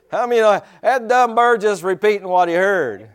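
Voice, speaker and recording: Animated preacher man, pitch swinging widely. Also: unhurried. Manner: animated, rhetorical questions, chuckling asides. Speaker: pastor. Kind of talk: sermon.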